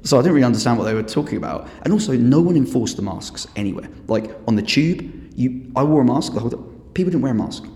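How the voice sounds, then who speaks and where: A man's voice: medium pitch, quick pace. A man with an English accent, a podcast guest telling stories in casual chat, swearing freely and acting out what people said. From England. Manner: animated storyteller, swears freely, acts out quotes. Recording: echoey room with long reverb.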